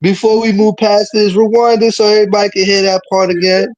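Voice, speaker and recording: A man's voice: high-pitched, level tone, fairly quick, no echo, highs cut off. A man hosting a stream, reacting to a clip in casual, joking chat full of slang.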